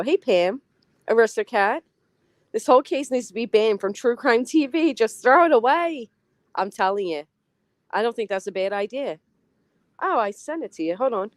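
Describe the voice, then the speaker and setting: A woman hosts a relaxed livestream, rattling off viewer names and chatting casually with a laugh here and there. Her voice sits at an ordinary middle pitch. The sound is dry and close, with no room echo. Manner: chatty, greets viewers by name, laughs often. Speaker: livestream host. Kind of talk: casual live-chat commentary.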